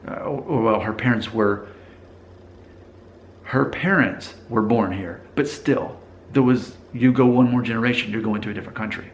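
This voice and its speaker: A man's voice: medium pitch, moderate pace, a little hiss or hum. A man vlogging in a conversational, explanatory way, thinking aloud and restarting sentences as he goes. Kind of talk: casual talking-to-camera monologue.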